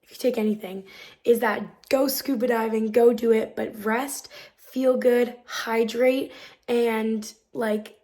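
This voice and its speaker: A woman's voice: a little high, steady tone, slow, dark tone. A young woman chatting casually to her camera in a hostel room, upbeat and full of "um" and "like". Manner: chatty, upbeat, lots of fillers like "um" and "like". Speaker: travel vlogger. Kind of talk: casual vlog chat to camera.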